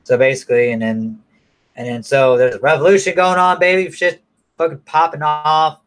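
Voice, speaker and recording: A man's voice: on the high side, little pitch movement, normal speed. A man casually recapping a movie in a rambling, profane way, full of fillers and restarts. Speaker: movie reviewer.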